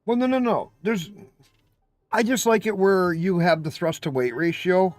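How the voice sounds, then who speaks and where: A man's voice: sits high, moderate pace, no echo. A man chatting casually on a live stream, emphatic and profane, ranting with exasperation.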